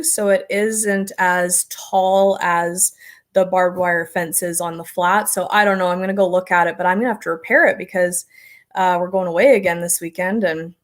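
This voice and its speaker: Reading viewer comments and laughing frequently, a middle-aged American woman rambles through a casual homestead livestream in her mid-range voice.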